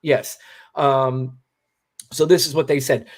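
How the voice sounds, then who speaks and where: A man's voice: medium pitch, fairly even intonation, takes it slowly, long pauses. A man co-hosting a casual political commentary show, blunt and swearing, reading quotes aloud. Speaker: co-host.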